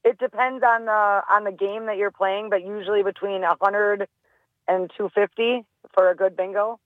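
A woman's voice: mid-range voice, steady tone, moderate pace, dry recording. A woman who directs a festival, calling in by phone and chatting in a friendly way with easy laughs. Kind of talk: casual interview. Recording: tinny phone line.

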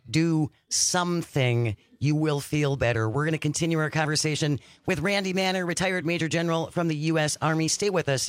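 A man hosts a talk radio show in a slightly high voice. The sound is dry and close to the mic, and he talks with his guest and leads into station breaks. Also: no room sound. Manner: conversational, with station breaks and listener prompts. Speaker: radio host.

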